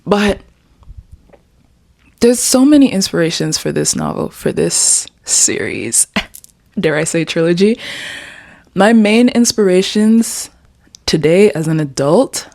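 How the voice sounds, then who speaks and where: A woman's voice: on the low side, lively intonation, slow, gravelly, pauses often, a little mellow. A woman in her twenties chatting alone in her room, rambling and playful as she talks about her writing. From Jamaica. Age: 20s. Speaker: vlogger. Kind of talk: casual chat vlog.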